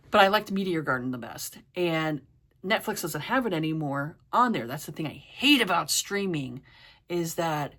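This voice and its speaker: Low-pitched woman, casual rambling vlog chat full of fillers. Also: a bit bright. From East Coast of the US, New York area. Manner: rambling, many fillers like "you know" and "like". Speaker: book and TV reviewer.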